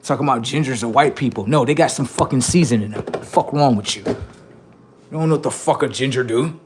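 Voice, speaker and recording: A man's voice: mid-range voice, brisk, background noise. A man hosting a livestream, ranting bluntly and profanely while addressing his audience directly. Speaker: livestream host.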